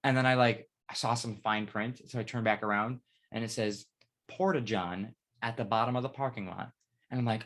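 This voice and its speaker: A young man and podcast co-host telling a rambling, profanity-laced story in casual chat, his retelling getting animated. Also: fairly low pitch, quick pace. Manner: rambling storytelling, heavy swearing, lively retelling.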